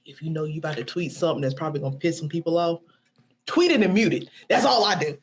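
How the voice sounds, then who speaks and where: A woman's voice: deep voice, quick pace, husky. A woman in her late thirties, a podcast guest chatting casually, playful and joking. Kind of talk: casual chat.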